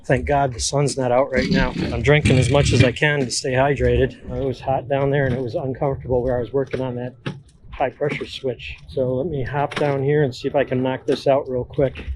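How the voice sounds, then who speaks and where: A middle-aged man with an ordinary, mid-pitched voice talks through his boat repairs in a relaxed, chatty way. He explains each step plainly, as if to a friend. Faint noise sits behind him. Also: a little fast. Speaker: boat mechanic. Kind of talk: casual work vlog. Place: on and around boats at a marina.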